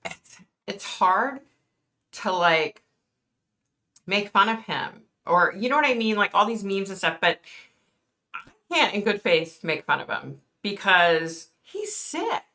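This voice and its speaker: A woman's voice: medium pitch, expressive, slow, pauses often, sharp tone. A middle-aged woman hosting a casual live stream, chatting with viewers in a chatty, outspoken, fired-up way with mild swearing. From East Coast of the United States. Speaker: livestream host reading viewer chat.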